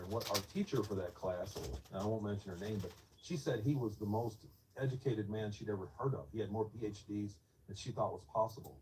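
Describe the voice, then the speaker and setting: A man in his fifties telling a personal story in an interview, soft, reflective and a little hesitant. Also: on the low side, far from the mic, rough recording.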